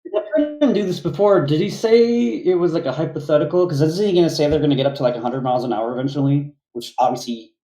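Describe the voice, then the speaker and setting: A man's voice: fairly high pitch, expressive, quick pace, hardly any pauses, dark tone, roomy sound, poor audio. A man co-hosting a casual commentary podcast, sarcastic and exasperated. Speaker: podcast co-host.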